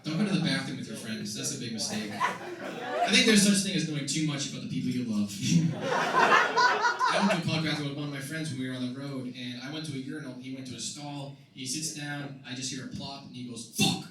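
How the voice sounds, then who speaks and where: A young man doing a stand-up set in a comedy club, telling wry stories that burst into loud exasperation. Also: mid-range voice, fast. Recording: echoey club recording from a distance, loud noise. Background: audience laughter.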